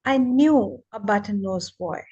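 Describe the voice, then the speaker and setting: A woman reading a book aloud on a live session, briskly and with small stumbles. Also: mid-range voice, a little mellow, slightly rough, lo-fi sound.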